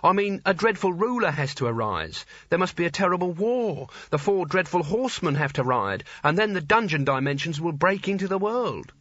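A man voicing a fierce young warrior woman who gives sharp, commanding orders. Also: high voice, very animated, normal speed, hardly any pauses, dry recording, highs cut off, pitched above the performer's own voice, exaggerated voice. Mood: urgent. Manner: sharp and commanding, turning desperate.

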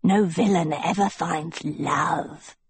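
A woman voicing a solemn young witch girl who speaks gravely and measured. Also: sits low, exaggerated voice.

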